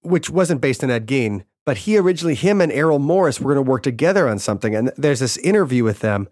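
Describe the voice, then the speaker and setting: A man's voice: medium pitch, animated, fast, darkish tone, no echo, studio quality. A man hosting a podcast, casually retelling a story and paraphrasing people's quotes in a loose, chatty way. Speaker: podcast host.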